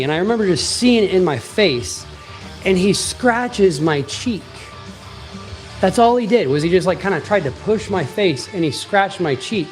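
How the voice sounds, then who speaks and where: A man in his twenties telling a personal story in a casual, animated, emphatic way, swearing freely. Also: high voice.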